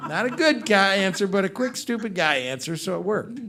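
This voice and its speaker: A man's voice: high voice, brisk. A middle-aged man doing a stand-up comedy set on a club stage, telling stories and joking with the crowd. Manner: animated storytelling with crowd work.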